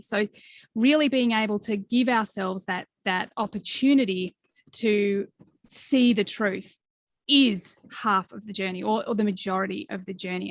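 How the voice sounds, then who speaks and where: This podcast host is a woman in her forties conducting a conversational interview, speaking earnestly and reflectively with lots of fillers. Her voice is medium-pitched and gravelly, with no room sound at all.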